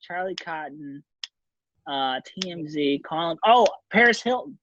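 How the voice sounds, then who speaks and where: High-voiced joking male podcast host. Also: animated, measured pace, a bit bright, muffled recording, a little hiss or hum. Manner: loose, joking, rambling with fillers. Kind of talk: casual chat.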